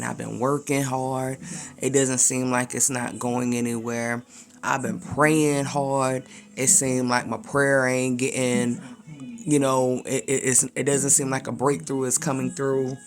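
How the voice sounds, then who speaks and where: A man's voice: mid-range voice, gravelly. A man giving a casual, slangy talk of encouragement, full of conversational asides. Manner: slangy, conversational, repetitive fillers. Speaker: preacher.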